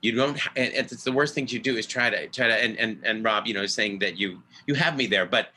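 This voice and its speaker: A man who is an original cast member and director, earnestly telling a theater story on a video call, halting and restarting as he goes. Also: on the low side, pushed and bright, slight background noise. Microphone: video call microphone.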